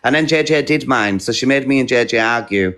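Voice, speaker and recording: A man's voice: medium pitch, fairly quick, a bit bright. A man hosting a live stream, bluntly recounting a dispute and quoting others as he goes. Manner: blunt, recounting quotes in a rush. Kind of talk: heated casual storytelling.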